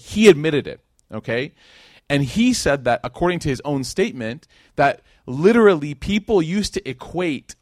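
A man's voice: mid-range voice, no echo. Chatty male lecturer in a dry room. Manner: conversational, many fillers like "like" and "right?", acts out quotes. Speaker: speaker teaching Islamic history. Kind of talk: casual lecture storytelling.

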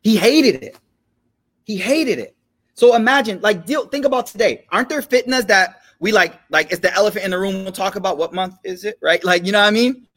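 High-voiced man teaching in casual slang. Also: a little fast, fairly bright tone. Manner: conversational, slangy, checks in with listeners. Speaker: religious teacher. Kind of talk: casual storytelling lecture.

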